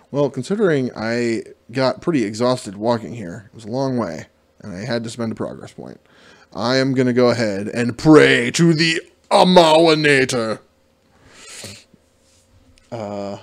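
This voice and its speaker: Man narrating a solo fantasy adventure. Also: medium pitch. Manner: self-deprecating, stumbles over fantasy names. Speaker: dungeon master playing a solo adventure. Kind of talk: reading a gamebook aloud with casual asides.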